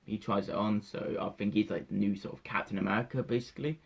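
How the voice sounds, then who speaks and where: A young man, giving an emotional, halting spoiler review of a film that often repeats itself. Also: lowish voice, steady tone, creaky, husky. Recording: dull lo-fi sound.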